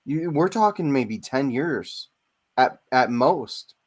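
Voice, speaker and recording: A man's voice: mid-range voice, lively intonation, slow pace. A man in his forties co-hosting a casual chat, rambling and hesitant, with many fillers. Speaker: podcast co-host.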